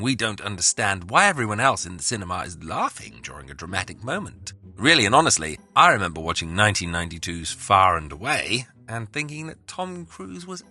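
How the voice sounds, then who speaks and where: A man's voice: low voice, sharp tone. A man hosting a podcast in wry, mock-exasperated scripted narration. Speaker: podcast host.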